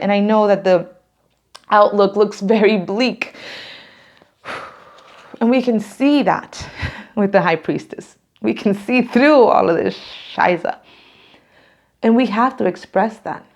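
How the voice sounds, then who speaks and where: A woman with a gravelly edge to her mid-pitched voice talks through a tarot reading. She rambles and laughs often, and she sounds close to tears. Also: lo-fi sound. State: near tears. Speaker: tarot reader. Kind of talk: casual tarot reading to camera.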